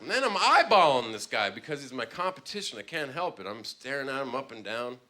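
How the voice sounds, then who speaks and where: A man doing a stand-up routine on a club stage, telling a story with swings from low mumbles to loud bursts. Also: sing-song, brisk, slight background noise. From Canada. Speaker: stand-up comedian. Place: comedy club stage with laughing audience.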